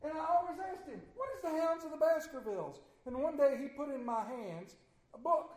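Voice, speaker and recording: Male pastor, high-pitched, folksy sermon storyteller, big swings from loud to hushed, echoey sanctuary. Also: animated, normal speed. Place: church sanctuary.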